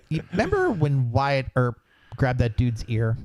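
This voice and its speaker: A man's voice: mid-range voice, huge pitch swings, takes it slowly, darkish tone. A man playing a tabletop game, chatting casually and chuckling often. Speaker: player.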